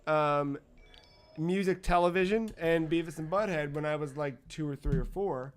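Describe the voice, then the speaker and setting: A man's voice: fairly high pitch, moderate pace, clean tone. A man in his thirties chatting casually as a podcast co-host, telling rambling, profane stories. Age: 30s. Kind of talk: casual chat.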